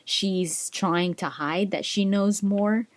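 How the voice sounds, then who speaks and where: A woman's voice: mid-range voice, takes it slowly, no room sound. A woman chatting enthusiastically as she retells a fantasy book for a gaming video, laughing along.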